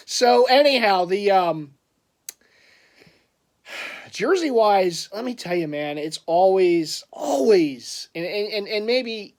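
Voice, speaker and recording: A man chatting casually in a vlog, telling a rambling story with frequent laughs and restarts. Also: high-pitched. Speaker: collector vlogger.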